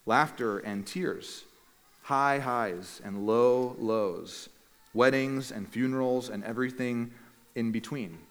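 Earnest pastor preaching in a reverberant hall. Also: male voice, mid-range voice. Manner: measured, earnest delivery with slow emphatic phrases. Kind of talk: sermon. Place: church meeting room.

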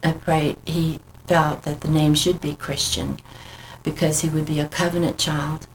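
A middle-aged woman, a guest, telling her personal faith story in an earnest, halting, heartfelt way. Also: low voice, flat delivery, a little hiss or hum, low-quality recording.

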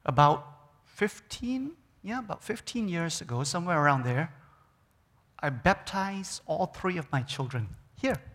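A middle-aged man preaching a sermon as a guest speaker in a church, animated, swinging from loud emphasis to near-whispers. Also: a little high, a little slow. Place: church sanctuary. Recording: long reverb of a church hall.

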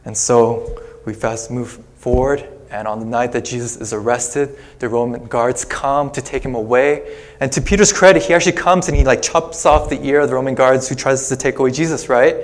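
Male pastor with a middle-pitched voice, telling a story in a relaxed, chatty sermon. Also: brisk. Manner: conversational storytelling with casual asides.

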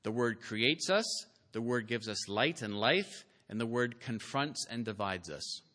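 A man preaching from a church pulpit with a bright, forward voice. He speaks slowly and deliberately, with small "uh"s between thoughts. His delivery climbs into emphatic, insistent peaks. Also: medium pitch, animated. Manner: earnest preaching that builds to emphatic, rising climaxes; slow, deliberate delivery with filler "uh"s. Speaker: pastor. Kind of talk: sermon.

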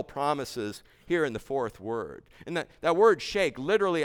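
A man's voice: on the high side, sing-song, normal speed, hardly any pauses, clear, resonant tone. A man preaching an expository sermon, earnest and emphatic, reading scripture aloud and explaining it verse by verse. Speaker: pastor. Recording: long hall reverb.

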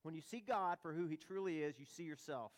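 A male pastor delivers a sermon with a fairly high voice. He talks in a conversational way, throwing out rhetorical questions and light humorous asides. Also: brisk.

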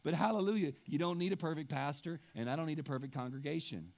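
A man preaching a sermon as pastor, impassioned and emotional, swinging between loud emphasis and hushed asides and often clearing his throat. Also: on the high side, quick pace.

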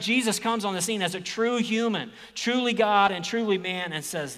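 High-voiced man preaching a sermon. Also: moderate pace, hardly any pauses, in a large hall. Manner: swings from hushed whispers to loud emphatic exclamations; acts out quoted speech in lively voices. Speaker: pastor.

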